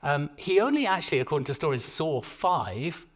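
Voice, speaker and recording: A man's voice: a little high, big pitch swings, normal speed. A man giving a public lecture in a conversational, playful way, often restarting his sentences.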